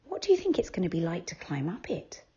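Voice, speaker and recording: A woman teacher reading a children's story aloud, gentle and questioning. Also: lowish voice, huge pitch swings, fast, slightly rough, muffled recording.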